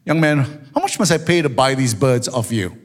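A man's voice: medium pitch, expressive, brisk, close to an everyday voice. A man voicing a kind grown man who questions a boy and offers to buy his birds. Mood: probing. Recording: long hall reverb.

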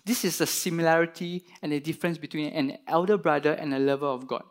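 A man preaching a sermon, retelling a parable and acting out its characters with lively emphasis. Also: on the high side, quick pace. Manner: animated, voices the parable's characters with rising emphasis. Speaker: pastor.

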